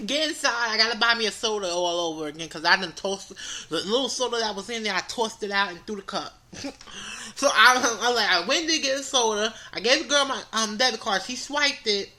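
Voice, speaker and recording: A woman's voice: fairly high pitch, a little fast. A young woman, animatedly telling an exasperated comic story on a podcast. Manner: animated, exasperated, repeats words for comic effect. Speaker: podcast co-host. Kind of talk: casual storytelling.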